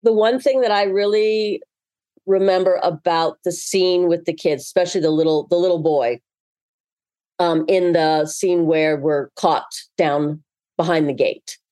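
A woman's voice: fairly low pitch, fairly even intonation, unhurried, warm tone. A woman telling an interview story about a film set, acting out the people she quotes. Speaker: actor recalling a film shoot. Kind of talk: interview recollection.

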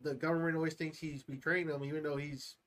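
A man co-hosting a podcast in casual chat, animated and enthusiastic, swearing freely. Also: on the high side, fast talker. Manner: animated, enthusiastic, swears a lot, does voices in anecdotes. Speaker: podcast co-host.

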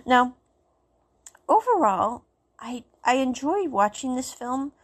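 A woman's voice: high voice, sing-song, takes it slowly. A woman casually recapping and reviewing a drama, rambling and circling back with "so anyway". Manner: rambling, keeps saying "so anyway".

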